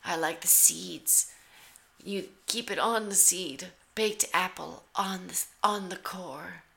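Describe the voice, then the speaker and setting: A woman's voice: fairly low pitch, slow, creaky, pushed and bright. A woman giving sarcastic, teasing play-by-play commentary over a cooking show. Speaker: comedic commentator.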